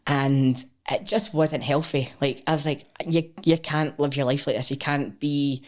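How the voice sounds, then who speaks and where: A woman's voice: low-pitched, measured pace. A woman with a Scottish accent, a podcast guest telling her own story frankly, swearing freely and acting out what people said. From Scotland. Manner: frank and expressive, swears freely, acts out quotes. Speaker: guest, powerlifter. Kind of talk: candid personal storytelling.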